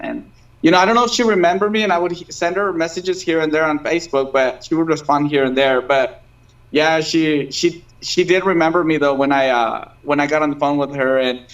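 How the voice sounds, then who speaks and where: A man in his thirties talks in a casual interview, rambling through fillers and restarts. His voice sits a little high for a man. The sound is dull and lo-fi, like a streamed call. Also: brisk, fairly bright tone. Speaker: guest singer.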